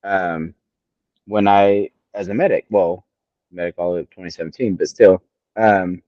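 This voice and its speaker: A man's voice: low-pitched, fairly even intonation, normal speed, dry recording, dull audio. A man in his forties co-hosting a casual podcast chat, blunt and profane. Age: 40s. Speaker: podcast co-host.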